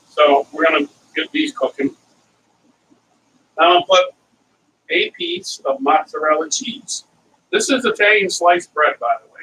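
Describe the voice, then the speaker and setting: A man's voice: on the high side, sing-song, moderate pace. A middle-aged man hosting a casual cooking vlog, rambling and chatty as he talks viewers through his recipes and wanders off into side stories. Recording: distant mic with faint ambient noise.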